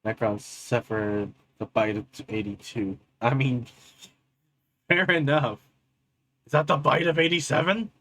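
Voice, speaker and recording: Male reaction host, casual commentary, rambling, crude jokes, mid pitch. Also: a little slow, a bit bright. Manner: rambling, crude, jokey retelling.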